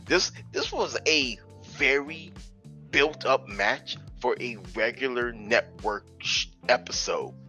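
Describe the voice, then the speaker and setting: A man co-hosting a casual wrestling podcast, talking in loose, profane banter and jumping into high-pitched outbursts. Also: animated, slow pace, sharp tone, soft background music. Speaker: podcast co-host.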